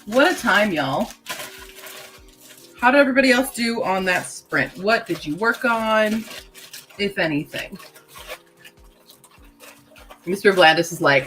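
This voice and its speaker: A woman chats on a relaxed livestream in a bright, clear voice that swings up and down freely. She reads out viewers' comments, laughs easily and talks through mouthfuls of candy, with faint music behind her. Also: medium pitch, unhurried, pauses often, low-quality recording. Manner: chatty, reads chat comments aloud, laughs often; talks while chewing candy. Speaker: livestream host of writing sprints. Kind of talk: casual livestream chat.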